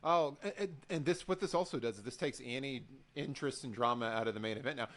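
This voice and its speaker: A man's voice: mid-range voice, fast. A man co-hosting a podcast, talking through the week's wrestling shows in a casual, exasperated way and acting out what people said. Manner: animated, exasperated, acts out quotes. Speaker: podcast co-host. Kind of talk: casual wrestling recap chat.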